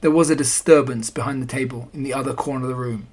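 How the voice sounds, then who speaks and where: A reader narrating a children's storybook in a gentle, even telling. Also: mid-range voice, fast talker, husky. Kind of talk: storybook reading.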